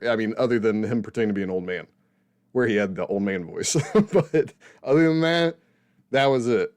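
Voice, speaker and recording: Guy cohosting a movie podcast, smooth clear voice, dry sound, kinda rambly. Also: mid-range voice, darkish tone, dry recording. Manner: rambling, self-correcting, laughs often. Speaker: podcast co-host film critic. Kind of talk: casual film review chat.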